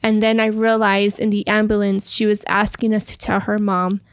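A woman's voice: mid-range voice, level tone, normal speed, no room sound. A woman with a Texan accent co-hosting a casual podcast, reading a listener's story aloud in an emotional, heartfelt way. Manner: emotional, tearful at sad parts. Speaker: podcast co-host.

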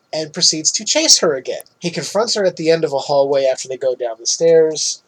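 Podcast co-host, man, slightly raised pitch, breathy edge, lively recap with laughs. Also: brisk, hardly any pauses. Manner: animated, laughs often, swears freely. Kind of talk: casual movie recap chat.

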